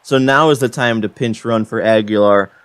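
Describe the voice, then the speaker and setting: A man's voice: fairly low pitch, normal speed, clear, resonant tone, no room sound. A young man giving casual play-by-play commentary on his own video game, frustrated and self-deprecating. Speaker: gaming channel host. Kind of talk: gameplay commentary.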